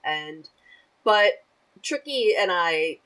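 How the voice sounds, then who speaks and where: A chatty woman with a notably low voice talks casually as a podcast guest. She is animated and laughs easily as she goes. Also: very slow, low-quality recording. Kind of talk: casual chat.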